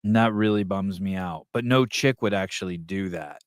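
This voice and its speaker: A man hosts a live podcast in a loose, rambling way, swearing freely and thinking aloud as he reads the chat. His voice sits on the low side, and the sound is dry and close, with no room echo. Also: normal speed, clear, resonant tone. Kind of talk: casual livestream chat.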